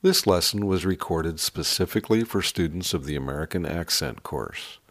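A deep male announcer reads a formal scripted intro in a measured way. His voice is low with a slightly husky edge. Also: lively intonation.

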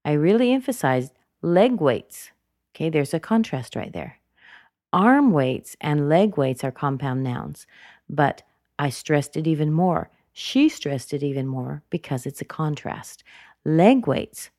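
Slow, low-voiced woman teaching intonation. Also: expressive, a little mellow, no room sound, studio quality. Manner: slow and deliberate, repeating words to model intonation. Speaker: English pronunciation teacher. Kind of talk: explaining intonation.

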